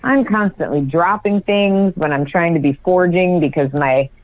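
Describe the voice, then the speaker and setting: Low-voiced woman telling a laughing anecdote. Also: normal speed, no echo, narrow, tinny audio. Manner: laughing, self-deprecating storytelling. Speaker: actress guest. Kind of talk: interview anecdote.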